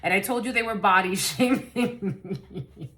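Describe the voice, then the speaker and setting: A woman's voice: medium pitch, measured pace, a bit bright. Blunt, swearing woman tarot reader. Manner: blunt, swearing freely, laughing often, rambling with lots of "like". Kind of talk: collective channeled reading to camera.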